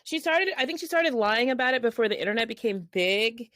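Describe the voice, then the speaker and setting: A woman's voice: a little high, animated, brisk, fairly bright tone, no room sound. Blunt, sarcastic young woman, dry close sound. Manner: blunt, sarcastic, laughs often. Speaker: podcast co-host. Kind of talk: casual gossip chat.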